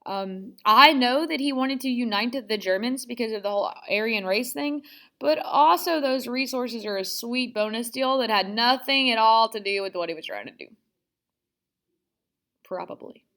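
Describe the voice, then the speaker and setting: A woman's voice: a little high, normal speed, fairly bright tone. A woman teaching a history lesson in a chatty, casual way, full of sarcastic asides. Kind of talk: casual classroom lecture.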